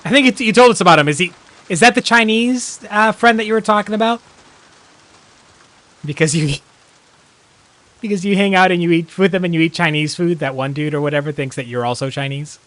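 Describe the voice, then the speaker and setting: He sits high in pitch and talks briskly but leaves long pauses, his tone a bit bright. Streaming a video game, he rambles casually with plenty of "like" fillers and reacts jumpily to surprises.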